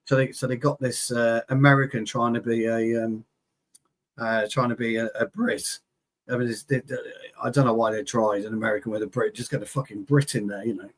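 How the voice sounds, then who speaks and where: Brief: man, co-host, rowdy and jokey, husky voice with a mid-range pitch, swears a lot. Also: steady tone, a little fast. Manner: boisterous, joking, swears freely. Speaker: football show co-host. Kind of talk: casual chat.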